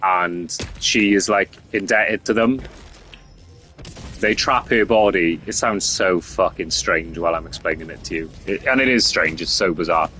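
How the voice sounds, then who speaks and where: Young streamer, lowish voice, loose, rambling, sweary delivery. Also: male voice, moderate pace, pushed and bright, faint music behind. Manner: rambling, sweary, filler-heavy. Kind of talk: casual chat.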